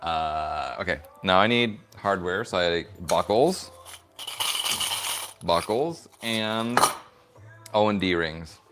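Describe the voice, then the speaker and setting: A man's voice: sits low, lively intonation, slow pace, pauses often, noisy background. A man hosting a leather crafting stream, chatting playfully and giggling as he rambles through his work in a workshop. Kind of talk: casual chat while crafting leather.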